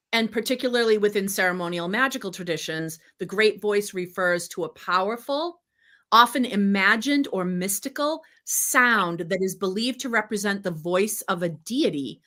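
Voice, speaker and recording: A woman's voice: medium pitch, bright, forceful tone. A woman co-hosting a casual spiritual podcast, explaining thoughtfully with some fillers, and reading a passage aloud. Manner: thoughtful, with many fillers and restarts, reads quotations aloud. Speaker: co-host.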